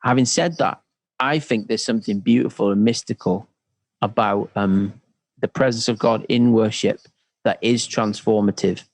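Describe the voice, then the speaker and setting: Brief: male guest, gravelly texture, dry close sound, animated storyteller. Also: on the low side, normal speed, dry recording. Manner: animated storyteller, acts out quotes. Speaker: worship leader and church pastor, guest. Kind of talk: conversational interview.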